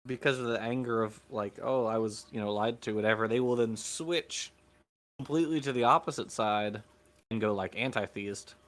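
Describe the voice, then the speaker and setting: A man co-hosting a casual livestream, talking hesitantly with many pauses and fillers. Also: on the low side. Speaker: co-host.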